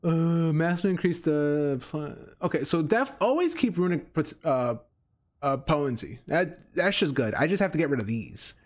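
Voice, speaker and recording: A man streaming a video game, rambling through casual commentary, swearing and getting excited. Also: on the high side, moderate pace.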